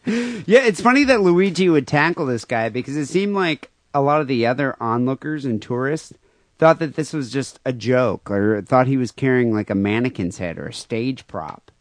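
A male podcast host with a middle-pitched voice, talking loosely and crudely and stopping often on "uh." The sound is dry and close to the mic. It is casual chat between friends. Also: expressive, normal speed, dry recording. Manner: rambling, many fillers, crude humor. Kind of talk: casual podcast chat, reading listener mail.

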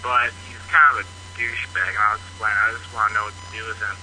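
College kid calling into a show, rambly and casual, super bright voice, faint hiss on the line. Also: male voice, lowish voice, fairly even intonation, fast. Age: young adult. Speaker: caller. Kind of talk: voicemail call-in. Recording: noisy phone line.

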